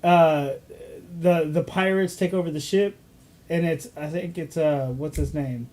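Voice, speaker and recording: A man with a notably high voice banters on a casual podcast, teasing and egging on his co-hosts. His delivery is jokey and pushy. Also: fairly even intonation, a little slow, darkish tone. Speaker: podcast co-host. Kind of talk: casual chat.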